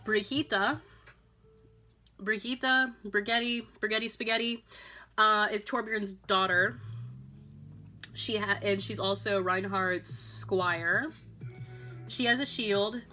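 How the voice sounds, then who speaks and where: Tipsy woman rambling with excited squeals. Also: mid-range voice, slow, long pauses, faint music behind. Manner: rambling, lots of "like" and "um", bursts of loud excited squeals. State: slightly tipsy. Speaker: vlogger. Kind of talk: casual tipsy chat about a video game.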